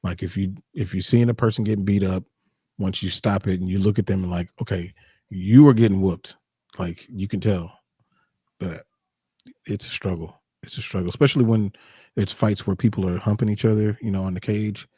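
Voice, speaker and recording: A laid-back man with a low, dark and husky voice co-hosts a live fight show. He speaks casually, hesitates often and laughs easily. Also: fairly even intonation, normal speed, dry recording, clean studio sound. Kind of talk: casual chat on a live stream.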